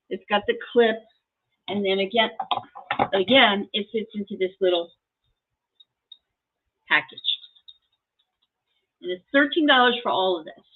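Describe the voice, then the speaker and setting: A middle-aged woman hosting a live collectibles sale, chatting casually and telling a story in an animated way. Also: medium pitch. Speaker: host selling collectibles. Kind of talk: casual sales chat and storytelling. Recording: tinny phone-like audio.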